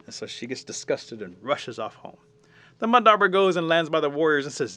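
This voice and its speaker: A middle-aged man telling a traditional folk tale in a folksy, colloquial, lively way. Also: a little high, fairly quick. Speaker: storyteller.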